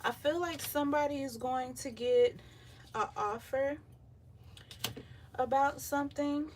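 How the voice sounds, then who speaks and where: A slightly high-voiced woman talks slowly through a live tarot reading, breathless and easygoing, scattering ums between her thoughts. Her voice sits a little away from the mic, with faint beach surf washing in behind her. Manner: relaxed, chatty, many filler ums. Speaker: tarot reader. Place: home by the beach, windows open. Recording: voice a bit far from the mic, faint surf noise. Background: faint beach waves.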